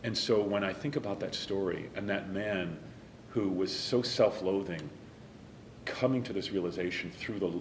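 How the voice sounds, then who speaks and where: A man, a stage actor, talking in an interview in an earnest, emotional way and dropping to a soft whisper at times. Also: sits low, moderate pace, echoey room, a little hiss or hum. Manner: earnest and emotional, some lines softly whispered. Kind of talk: reflective interview talk.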